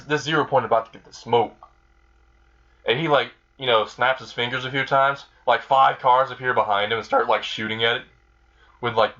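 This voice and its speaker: A man's voice: mid-range voice, bright, forceful tone, muffled recording. A man casually retelling a comedic fan story, rambling and crude with lots of filler words.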